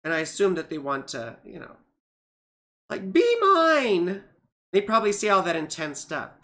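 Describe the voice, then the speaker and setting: A woman astrologer chatting casually on a livestream, rambling with many fillers and grumbling at her software. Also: low voice, quick pace. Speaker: astrologer reading charts on a livestream.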